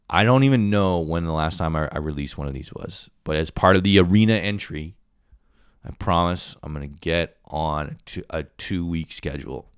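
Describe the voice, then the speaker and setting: A man's voice: deep voice, smooth, dry recording, studio quality. A young man hosting a solo podcast, rambling and swearing with self-mocking laughs. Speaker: podcast host. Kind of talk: solo comedic podcast rant.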